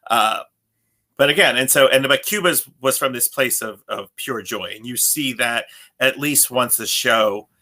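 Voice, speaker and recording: A man in his thirties co-hosts a podcast with a mid-range voice, a measured pace, and a sharp tone. He rambles in casual chat, frequently restarting sentences and laughing.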